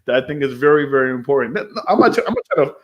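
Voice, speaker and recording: A man's voice: medium pitch, big pitch swings, rapid-fire, dull audio. A man hosting a casual podcast interview, upbeat but often repeating and restarting his words. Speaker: podcast host.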